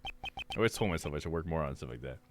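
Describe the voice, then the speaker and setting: A man's voice: extremely low pitch, expressive, fast talker. A man streaming a game live, chatting in a laid-back, jokey way. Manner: laid-back, jokey, says dude a lot. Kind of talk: casual live-stream commentary. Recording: game music behind.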